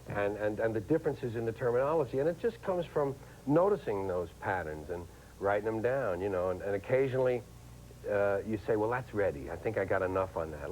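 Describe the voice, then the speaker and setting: A middle-aged man, a comedian guest who chats wryly and lively, slipping into impressions. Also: on the low side, slight background noise, low-quality recording. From New York. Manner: wry, animated, slips into impressions. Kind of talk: casual chat.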